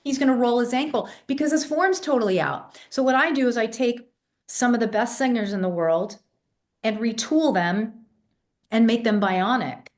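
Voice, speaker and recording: A woman's voice: fairly high pitch, moderate pace. Fifty-something vocal coach lady, american accent, talks with lots of drive and emphasis. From England. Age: 50s. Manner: confident, emphatic, fluent storyteller. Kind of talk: podcast interview.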